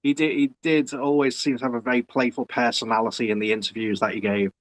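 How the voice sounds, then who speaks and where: A man's voice: mid-range voice, little pitch movement, fast, low-quality recording. A man hosting an interview, telling stories with enthusiasm and acting out what people said. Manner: enthusiastic storyteller, acts out quoted voices. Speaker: interviewer, host. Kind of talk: conversational interview.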